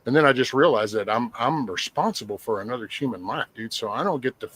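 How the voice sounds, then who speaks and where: A man's voice: medium pitch, fast talker, fairly bright tone, a little hiss or hum, low-quality recording. A middle-aged man, telling blunt, profane stories in casual podcast talk. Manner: rough-spoken, profane, plainspoken. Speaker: guest sharing life stories.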